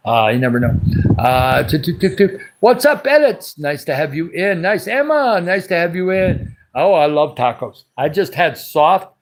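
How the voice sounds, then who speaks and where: Guy doing a casual live chat, throat dry and raspy, kinda higher voice, rambles and says hi to everyone by name. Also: sing-song, normal speed. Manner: chatty and rambling, greets viewers by name. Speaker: livestream host. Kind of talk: casual livestream chat reading viewer comments.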